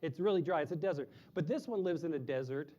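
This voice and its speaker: A man's voice: fast, warm tone, highs cut off. A man presenting live animals to a group of children, chatty and explaining in simple terms, sometimes hooting like an owl. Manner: imitates owl hoots in a high voice. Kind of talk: live animal show for kids.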